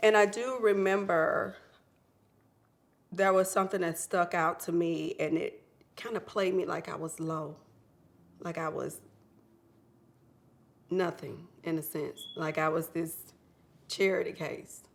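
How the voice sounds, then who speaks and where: A woman's voice: fairly low pitch, fairly even intonation, a little slow, creaky, long pauses. Woman telling her story. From Memphis, Tennessee. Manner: reflective storyteller. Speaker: guest. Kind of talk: interview.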